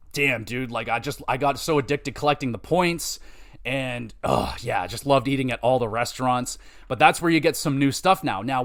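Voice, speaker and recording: A man hosting a podcast, rambling casually and swearing as he retells game stories. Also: mid-range voice. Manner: rambling, profane, animated retelling with quoted voices. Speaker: podcast host. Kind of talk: casual game-review chat.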